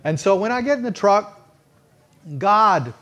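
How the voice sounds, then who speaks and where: A man's voice: high-pitched, lively intonation, a little slow, sharp tone. A man preaching a storytelling sermon in a folksy, earnest way, with frequent restarts.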